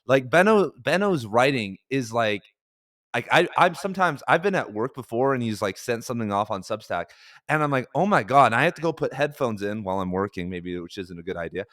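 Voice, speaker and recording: A man's voice: mid-range voice, lively intonation, fairly quick, a bit bright, no room sound, studio quality. A man hosting a casual podcast interview, talking in an enthusiastic, slangy, hyped-up way. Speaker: podcast host.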